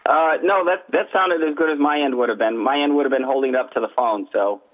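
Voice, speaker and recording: A man in a casual radio chat, calmly explaining ghost recordings in a plain-spoken way. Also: medium pitch, a little fast. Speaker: paranormal investigator guest. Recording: tinny phone-line radio audio.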